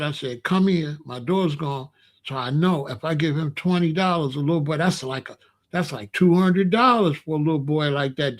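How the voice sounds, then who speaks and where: Man, casual streetwise storyteller, voice a touch high. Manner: loose, streetwise, drops into low murmurs. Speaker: storyteller host.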